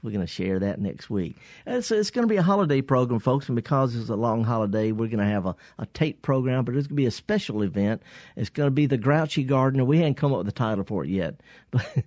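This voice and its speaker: A man's voice: medium pitch, lively intonation, fast, darkish tone, dry recording, clean studio sound. A man hosting a call-in garden radio show, talking in a rambling, folksy way with many restarts. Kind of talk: casual call-in radio chat. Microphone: studio microphone.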